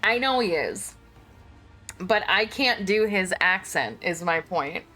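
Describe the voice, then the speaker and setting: A woman's voice: lowish voice, expressive, slow pace, sharp tone, soft background music. A woman streamer chatting casually, laughing often and swearing, as she reads game text aloud.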